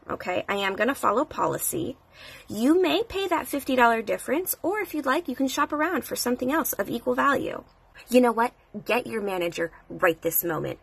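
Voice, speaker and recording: A woman's voice: on the high side, creaky, slightly rough, heavily acted. A woman playing manager and stubborn customer. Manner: firm, stubborn, argumentative. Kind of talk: comedy skit.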